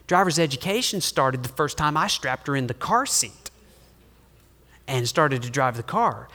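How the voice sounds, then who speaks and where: A middle-aged man preaching a sermon as a pastor, lively and humorous, swinging between loud emphasis and quiet asides. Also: fairly high pitch. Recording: long hall reverb.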